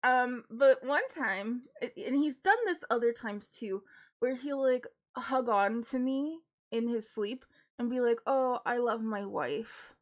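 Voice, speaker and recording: Woman streamer rambling casually from home, higher pitched, lots of likes and laughing. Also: measured pace. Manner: chatty, with frequent 'like' fillers; laughs readily while telling stories. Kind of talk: casual chat.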